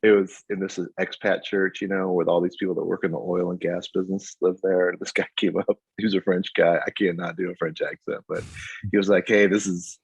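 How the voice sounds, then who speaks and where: Man in his fifties, husky and deep, animated guest storyteller, dull lo-fi recording. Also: fairly quick, dry recording. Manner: animated storyteller, laughs often. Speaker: guest songwriter. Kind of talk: casual interview. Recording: dull lo-fi audio.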